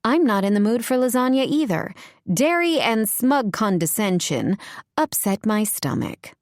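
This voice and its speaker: A woman's voice: on the high side, big pitch swings, measured pace, no room sound, clean studio sound, voice pushed up. A woman narrator voicing a bitter, guarded mother who speaks in curt, clipped lines.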